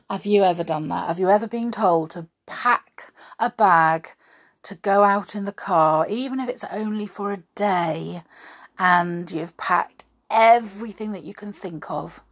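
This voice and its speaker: A woman reading a children's story aloud, then chatting in a homely way to her listeners. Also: mid-range voice. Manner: chatty, homely, laughing asides.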